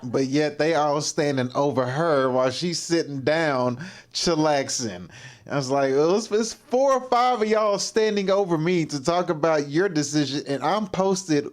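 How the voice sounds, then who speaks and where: A man's voice: a little high, measured pace. A man hosting a livestream, giving casual reaction commentary with laid-back, joking asides. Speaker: livestream host.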